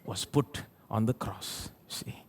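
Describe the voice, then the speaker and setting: Taking his time, a male pastor with an Indian English accent gives a sermon at a live church service, asking the congregation rhetorical questions and moving between loud and soft delivery.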